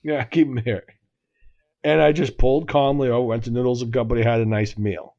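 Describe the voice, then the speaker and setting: A man's voice: mid-range voice, steady tone, fairly quick, dark tone, lo-fi sound. A man in his forties co-hosting a podcast, telling a long story in a casual, rambling way, often cutting himself off and laughing. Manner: rambling, self-interrupting, laughs at own story. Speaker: podcast co-host.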